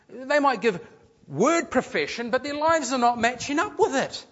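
Earnest man preaching, fairly high voice. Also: expressive, moderate pace, a bit bright, highs cut off. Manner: earnest, rises and falls for emphasis, repeats words. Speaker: pastor. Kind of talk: sermon.

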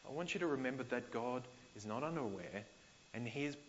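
A man's voice: medium pitch, animated, a little fast, lo-fi sound, slight background noise. A man with an Australian accent preaching a sermon as pastor, conversational, retelling scripture in everyday slang.

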